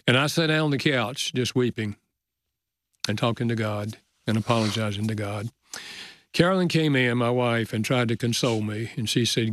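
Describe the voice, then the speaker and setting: An older man, a guest author, telling a personal story in an interview in an earnest way that slows down for emotional moments. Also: mid-range voice, no room sound.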